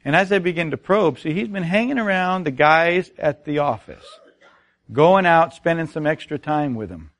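A man's voice: on the high side, lively intonation, normal speed, fairly bright tone. A middle-aged man preaching a sermon, telling stories and asking the congregation rhetorical questions. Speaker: pastor.

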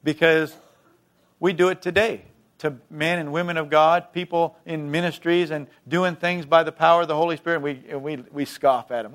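Brief: male pastor mid-sermon, slightly high voice, emphatic, from booming to hushed. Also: fairly even intonation, moderate pace.

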